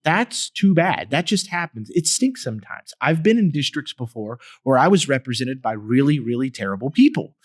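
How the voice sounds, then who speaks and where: A man of middle pitch talks through his views alone as a podcast host. He speaks emphatically and with energy, slipping in sarcastic asides and the odd chuckle. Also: expressive, moderate pace, hardly any pauses. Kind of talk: solo political commentary.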